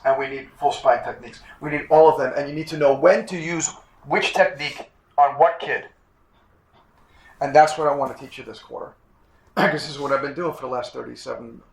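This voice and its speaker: This is a man in his sixties with a voice on the high side, lecturing a chiropractic class in a room with noticeable echo. His manner is emphatic; he says things more than once and keeps clearing his throat.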